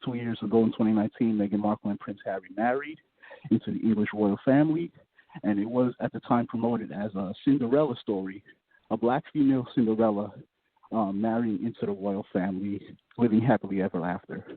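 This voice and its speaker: A man's voice: fairly low pitch, fairly quick, husky, dry recording. A man calling in to a radio show, reading a prepared topic with some hesitation. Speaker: caller. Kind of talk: call-in radio talk. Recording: dry tinny phone line.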